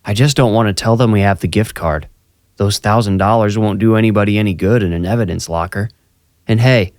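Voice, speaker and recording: A man's voice: deep voice, a little mellow, no room sound, studio quality. A man narrating a first-person horror story in a tense, conversational storytelling manner.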